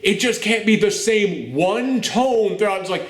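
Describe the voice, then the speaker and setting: A man hosting a film review podcast at home, gushing and animated, often laughing as he talks. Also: high voice, unhurried, few pauses, roomy sound. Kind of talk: excited casual film review chat. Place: room at home with a dog nearby.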